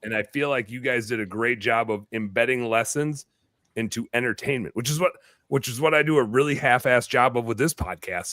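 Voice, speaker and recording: A man hosting a live podcast in casual chat, rambling and excitable, dropping the odd swear word. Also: medium pitch, no room sound, clean studio sound. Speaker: podcast host.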